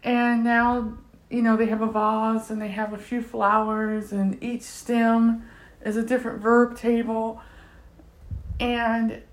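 Chatty woman reviewing a language course. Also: fairly high pitch. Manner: chatty, many fillers and restarts. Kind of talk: casual spoken review.

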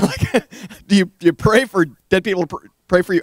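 A man's voice: sits high, animated, a little fast, no room sound, studio quality. Earnest middle-aged male preacher. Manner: earnest storytelling, drops to a hush for emphasis; addresses the audience as "guys". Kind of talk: conversational sermon.

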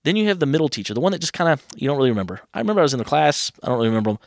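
Fast-talking man telling stories. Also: on the high side, creaky, dry recording, clean studio sound. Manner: animated, quotes others in quick asides. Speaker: guest. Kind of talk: casual storytelling.

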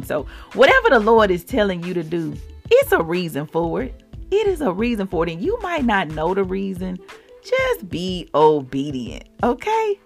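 A woman from Mississippi with a Southern accent, hosting a devotional podcast and exhorting listeners in an animated, informal way. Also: lowish voice. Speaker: podcast host, faith encourager.

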